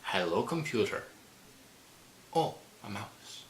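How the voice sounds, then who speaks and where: A man's voice: lowish voice, sing-song, slow, a bit bright, slight background noise, exaggerated voice. A man doing a put-on Scottish accent as a fussy older male starship engineer, the accent drifting around. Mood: amused. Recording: roomy echo.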